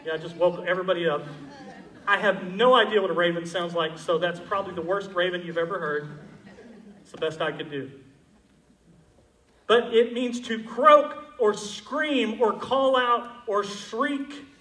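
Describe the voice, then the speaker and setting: A male pastor preaching a sermon, moving between loud, emphatic passages and quiet, intimate ones. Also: high-pitched, steady tone, normal speed, echoey room, far from the mic, poor audio.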